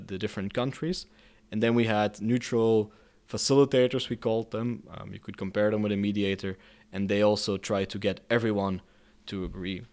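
A man's voice: fairly low pitch, a little mellow, clean tone. A man being interviewed about his work as a mediator, speaking in a thoughtful, hesitant way with frequent restarts. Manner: hesitant, many restarts and fillers. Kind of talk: conversational interview answers.

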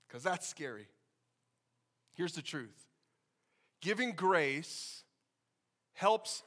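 A man preaching a sermon to his congregation, conversational and energetic, with sudden loud bursts. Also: a little high. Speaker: pastor.

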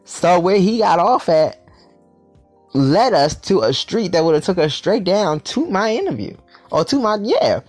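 A man's voice: high voice, big pitch swings, a little slow, faint music behind. A young man telling a story in a casual vlog, sassy and profane, with lots of energy.

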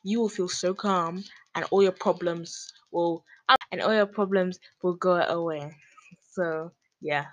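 Podcast host, woman, lower register, loose slangy self-mocking rambling. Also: expressive, unhurried, poor audio. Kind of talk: casual rambling monologue.

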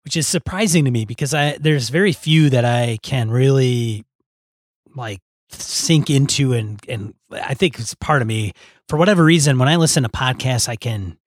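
A man's voice: medium pitch, moderate pace, no room sound, studio quality. A man co-hosting a podcast, chatting casually and thinking aloud with lots of hesitation. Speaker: podcast co-host. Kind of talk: casual chat.

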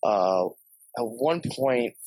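A man's voice: mid-range voice, lively intonation, very slow, a little mellow, no room sound, low-quality recording. New York man, podcast guest, rambling storyteller, dry close sound. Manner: rambling, heavy swearing, laughs often. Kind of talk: casual storytelling.

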